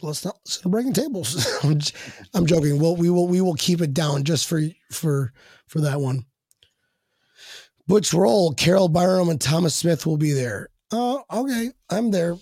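Husky, rambling man swearing through stories. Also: a little high, unhurried, darkish tone, no room sound, clean studio sound. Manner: rambling, swearing, laughing storyteller. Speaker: guest fan. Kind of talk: casual podcast chat.

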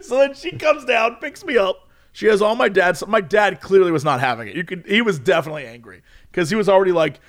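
Young man, high voice, lively storyteller, laughs through his own mishaps. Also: quick pace. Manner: animated, laughs often, acts out quotes. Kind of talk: casual anecdote.

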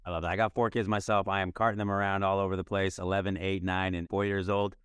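Fast-talking upbeat male podcast host. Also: low voice, flat delivery, fairly bright tone, clear, resonant tone, no room sound. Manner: upbeat, enthusiastic, quick-talking. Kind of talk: casual interview chat.

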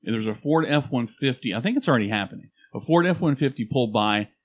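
A man's voice: medium pitch, lively intonation, fast. A man co-hosting a podcast in casual chat, with a projected radio-style delivery and frequent restarts. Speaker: podcast co-host. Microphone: studio microphone.

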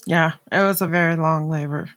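A woman's voice: deep voice, fairly even intonation, fairly bright tone, dry recording, studio quality. A woman co-hosting a podcast in casual chat, talking emphatically and laughing easily. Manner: chatty, emphatic, quick to laugh. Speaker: podcast co-host.

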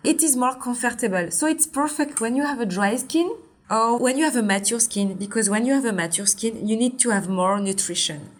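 Woman, forties, French accent, fairly high voice, earnest explainer, interview guest. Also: fairly quick. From Martinique. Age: 40s. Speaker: founder of a skincare brand.

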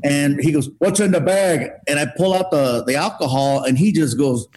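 A man telling an animated comic story as a guest, acting out what people said. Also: a little high, moderate pace. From Mexican heritage. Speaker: guest comedian. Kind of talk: storytelling on a podcast.

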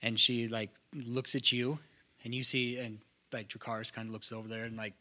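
A man's voice: mid-range voice, flat delivery, normal speed, bright, forceful tone. A man narrating as game master, loose and conversational with many fillers.

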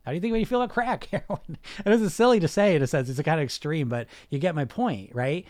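A man with a fairly high voice coaches a group on weight loss. He talks in a blunt, emphatic way and swears now and then. He keeps firing rhetorical questions at his listeners. The sound is dry and close. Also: expressive, fast talker, a little mellow, dry recording.

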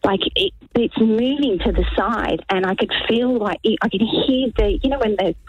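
Animated woman caller on phone. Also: fairly high pitch, moderate pace, breathy edge, no room sound. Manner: animated, dramatic retelling. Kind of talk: phone-in storytelling. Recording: muffled phone line.

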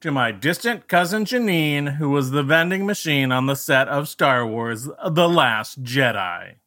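A man's voice: mid-range voice, expressive, a little slow, sharp tone. A man voicing a stiff, self-important female studio robot in a comedic game show podcast. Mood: prim. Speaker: sound effects robot sidekick.

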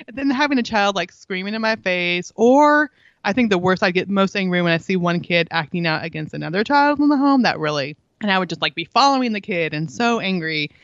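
A middle-aged woman, a guest in a casual interview, tells stories animatedly, acting out quoted dialogue and laughing often. Her medium-pitched voice is brisk, and the audio is dull, dry, and lo-fi, with no room sound.

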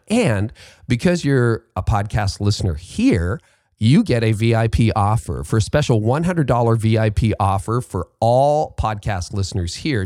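A man's voice: on the low side, a little mellow, no room sound, clean studio sound. A man hosting a podcast, reading an ad and interviewing a guest in an upbeat, chatty way with casual fillers. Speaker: podcast host.

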